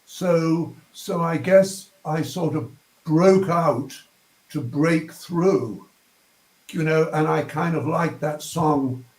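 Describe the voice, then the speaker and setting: A man's voice: on the high side, slow, a little mellow, echoey room, rough recording. An older man with a posh southern English accent, a guest talking reflectively and searching for words with ums and restarts. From England. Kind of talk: reflective interview talk.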